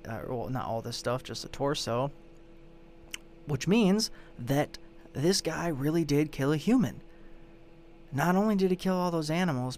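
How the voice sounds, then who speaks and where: Over a little hiss or hum, a man hosting a show gives a rambling, profane retelling of a true-crime case. His medium-pitched voice sounds a little mellow, and his exasperation shows throughout the casual recap.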